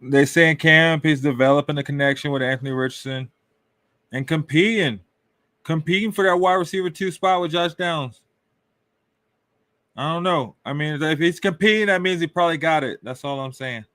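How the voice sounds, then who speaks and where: A man hosts a casual fantasy football podcast, rambling loosely and sprinkling in questions and shrugging asides full of "right?" and "I don't know." His voice is fairly high and fairly bright, at a moderate pace. There's no room sound.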